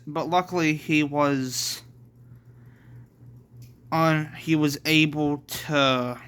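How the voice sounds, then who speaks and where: A man's voice: a little high, pushed and bright, clear, resonant tone. A man reading his own homemade story aloud, plainly and with self-corrections.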